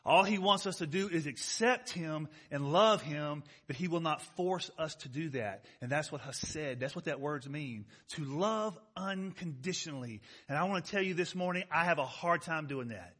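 A man preaching a sermon to his congregation in a conversational way, slowing down to stress key words and often asking rhetorical questions. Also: fairly high pitch, a bit bright, slightly rough. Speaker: pastor.

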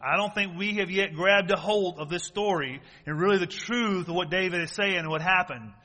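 A man's voice: high voice, moderate pace, sharp tone. A man preaching a sermon, emphatic and repetitive, calling out to his congregation. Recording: reverberant hall.

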